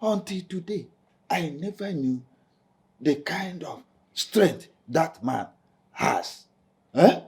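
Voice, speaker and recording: A slow, raspy Nigerian chief, dramatic and aggrieved. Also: male voice, a little high, expressive, heavily acted. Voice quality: gravelly, raspy. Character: aggrieved titled elder, dramatic complainer. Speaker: titled man recounting an assault. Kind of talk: Nollywood film acting.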